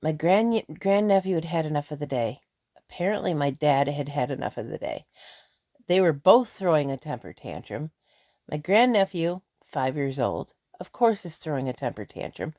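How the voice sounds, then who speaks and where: A woman's voice: sits low, darkish tone, no room sound, clean studio sound. A middle-aged woman venting angrily in a vlog, blunt and emphatic. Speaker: vlogger. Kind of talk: angry ranting vlog.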